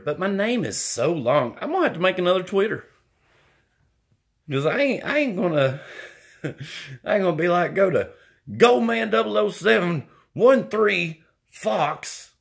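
A middle-aged man talks straight to the camera in a rambling, self-mocking vlog monologue full of folksy country slang. He takes his time, and his voice swings widely, now and then leaping into squeaky, whiny complaints. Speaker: vlogger.

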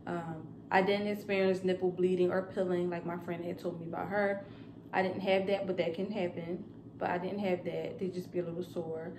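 A woman's voice: fairly low pitch, little pitch movement, normal speed, roomy sound, background noise. A young woman vlogging casually to camera about new motherhood, rambling with lots of fillers. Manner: chatty and rambling, with many fillers.

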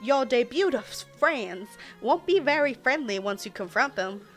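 A woman's voice: on the high side, animated, a little slow, soft background music. A woman reading the lines of a wise old male kettle with a Southern US accent, earnest and warning. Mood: grave.

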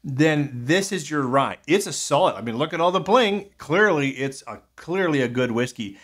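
A man's voice: fairly high pitch, animated, moderate pace, a bit bright. A man casually reviewing whiskies in a rambling, thinking-aloud way, full of fillers and restarts.

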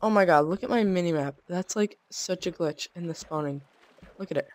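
A woman giving casual gameplay commentary as a let's play gamer, chatty and quick to burst into startled exclamations. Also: lowish voice, a little mellow.

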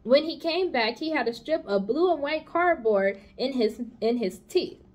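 A woman's voice: high voice, expressive, moderate pace, darkish tone. A woman from the United States, a school psychologist, reading a children's novel aloud expressively, with small slips and restarts. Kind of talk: children's book read-aloud.

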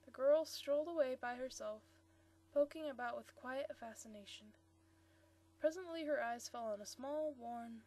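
A woman's voice: fairly high pitch, darkish tone. A woman reading a short story aloud, stumbling now and then and correcting herself. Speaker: story reader.

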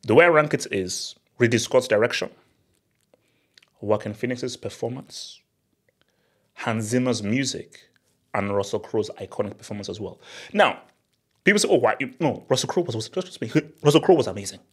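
Young guy vlogging about movies, husky voice, hyped and slangy, keeps repeating stuff. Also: mid-range voice, normal speed, long pauses. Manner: excitable and slangy, repeats himself, laughs often. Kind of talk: casual chat to camera.

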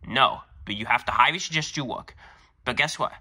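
A man doing an angry shouting cartoon dad. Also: medium pitch, fairly quick, pitched below the performer's own voice. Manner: shouting, lecturing. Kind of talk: fan-made cartoon voice acting.

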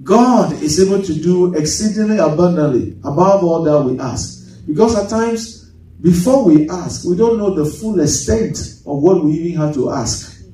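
A man's voice: on the high side, expressive, normal speed, mellow. A man preaching a sermon as pastor, asking the congregation rhetorical questions and drawing responses. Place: church sanctuary. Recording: echoey church hall, from far off.

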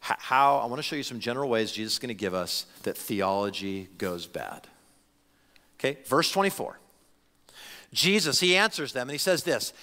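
A male pastor preaching a sermon to his congregation in an animated, conversational way, often restarting his phrases. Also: mid-range voice, moderate pace. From United States. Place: church sanctuary. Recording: long hall reverb.

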